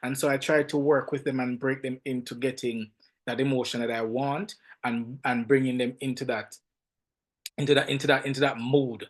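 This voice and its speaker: A man with a Jamaican accent, a film director and podcast guest, telling stories in an animated, emphatic way and often repeating words. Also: medium pitch, moderate pace. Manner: animated, emphatic storytelling with frequent word repeats. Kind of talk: casual podcast interview.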